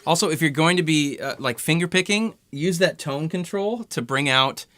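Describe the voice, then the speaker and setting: Bright-voiced man demoing a guitar pedal. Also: on the high side, moderate pace. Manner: relaxed, conversational, many fillers. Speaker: guitar pedal demo host. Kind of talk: casual gear demo talk.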